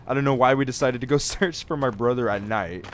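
A man's voice: medium pitch, fairly quick, slight background noise. A young man chatting and joking through a horror game for his viewers, swearing now and then. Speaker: gaming youtuber. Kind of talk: let's play commentary.

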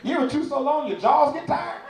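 A man performing stand-up comedy at a church event, telling his jokes in an animated, playful way. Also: extremely high pitch, fairly quick, noisy background. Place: church event stage before a live audience. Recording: roomy, distant sound with audience laughter.

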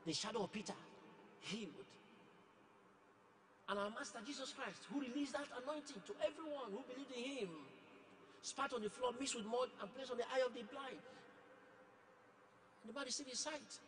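A man's voice: very high-pitched, moderate pace, pauses often, fairly bright tone. A male pastor preaching emphatically and questioning a testimony giver, repeating words to stress his points. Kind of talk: sermon with live testimony questioning. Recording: noisy church hall with long echo.

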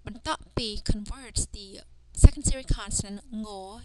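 A woman teaching a language lesson, carefully sounding out letters and words one at a time. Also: fairly high pitch. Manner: careful, deliberate pronunciation of drilled sounds. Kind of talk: slow instructional language lesson. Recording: noticeable background noise.

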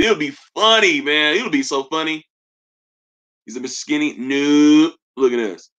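A man's voice: mid-range voice, sharp tone. A man hosting a livestream, casually trash-talking and joking in a loose, laughing way. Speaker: livestream host. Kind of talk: casual roast commentary on a livestream.

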